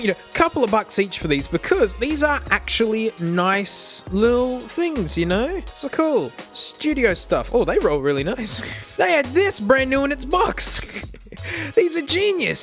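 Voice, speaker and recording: An Australian man hosting his own channel, chatting casually in an excitable, slangy way and chuckling often. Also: sits high. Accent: South Australian. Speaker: tech channel host. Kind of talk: casual vlog talk to camera.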